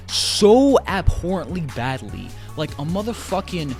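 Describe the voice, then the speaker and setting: A man's voice: on the high side, big pitch swings, moderate pace, soft background music. A man ranting in an online commentary video, exasperated and swearing heavily as he jumps between tangents. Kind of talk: profane commentary rant.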